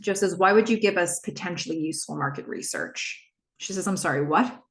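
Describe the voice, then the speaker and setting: A woman's voice: a little fast, gravelly. A woman hosting a podcast, casually retelling a TV episode scene by scene and acting out the characters' lines. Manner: animated retelling, quoting characters with shifting pitch. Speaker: podcast host recapping a TV episode. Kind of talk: casual recap with acted-out dialogue. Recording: roomy echo.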